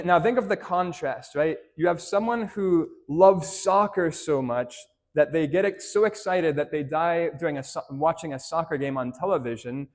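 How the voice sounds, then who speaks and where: Priest preaching in a church, chatty storyteller, slightly high male voice, keeps asking "right?". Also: darkish tone. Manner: conversational storytelling, frequent "right?" tag questions; addresses children directly with simple questions. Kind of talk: homily to a parish congregation.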